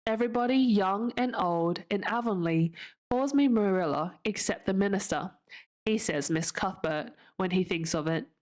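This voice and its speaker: A woman's voice: mid-range voice, moderate pace, darkish tone, close to an everyday voice. A woman voicing a stern, practical older spinster who speaks firmly and disapprovingly.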